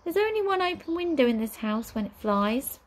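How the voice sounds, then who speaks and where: A woman's voice: high-pitched, big pitch swings, voice pushed up. A woman as a cool, smug witch. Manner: cool, drawn-out, teasing delivery.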